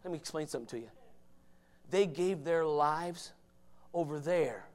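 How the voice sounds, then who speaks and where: A man preaching a fiery sermon from the pulpit, dropping to low murmurs and then rising to shouts. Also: normal speed. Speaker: pastor.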